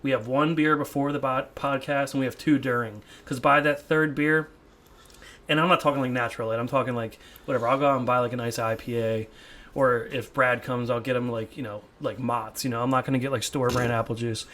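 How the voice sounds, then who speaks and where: Young guy w a mid-hosting a podcast in his man cave, bright punchy voice, rambly, laughs a lot. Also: mid-range voice, steady tone, a little fast. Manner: rambling, laughs often, repeats words. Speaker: podcast host. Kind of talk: casual chat. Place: home man cave, indoors.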